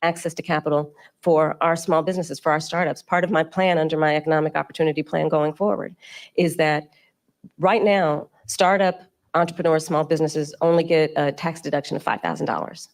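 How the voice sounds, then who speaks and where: A woman politician giving measured, speech-like answers to a journalist on stage. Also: sits low. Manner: measured, speech-like, steady delivery. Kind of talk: formal panel interview answers.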